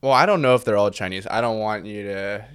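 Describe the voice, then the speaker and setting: A man's voice: on the low side, fast talker, fairly bright tone, clear, resonant tone. A man co-hosting a casual comedy podcast, giving short replies and laughing a lot. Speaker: podcast co-host.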